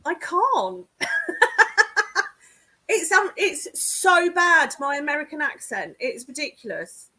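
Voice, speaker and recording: Lively high-voiced woman. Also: slow pace, long pauses. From England. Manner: chatty, laughs often, self-deprecating. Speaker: guest psychic medium. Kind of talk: casual chat over a video call. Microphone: video call.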